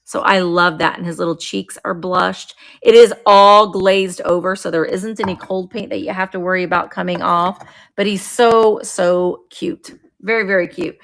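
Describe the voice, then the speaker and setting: A middle-aged woman hosting a live online auction of vintage items, chatting warmly and greeting viewers by name as she describes each piece. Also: lowish voice, fairly even intonation, moderate pace. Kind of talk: live-stream sales chat.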